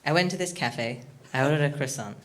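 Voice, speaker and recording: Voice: mid-range voice, a little fast, noisy background. A stand-up comedian doing a rambling, awkward, self-deprecating set with lots of ums, from Australia, recorded on a comedy studio stage.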